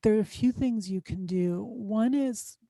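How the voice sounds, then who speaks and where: A woman's voice: mid-range voice, measured pace, dark tone, no room sound. A woman speaking as a guest expert in an interview, explaining advice conversationally with frequent "um" fillers. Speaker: guest expert on student success.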